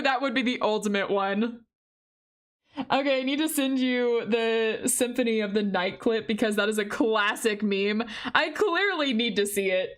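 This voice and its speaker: A woman's voice: a little high, fairly bright tone. A woman streamer reading a visual novel aloud and chatting with her viewers, chatty and giggly. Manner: chatty, giggly, talks to chat.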